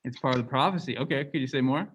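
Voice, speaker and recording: A man's voice: mid-range voice, racing, a bit bright, breathy edge, lo-fi sound. A man giving a casual university lecture, talking conversationally and often asking rhetorical questions.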